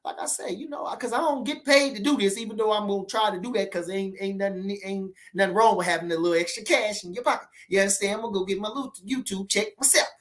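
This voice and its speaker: This high-voiced, slightly bright boxing streamer talks fast with few pauses, keeping things casual and animated and packed with "you know what I'm saying" asides.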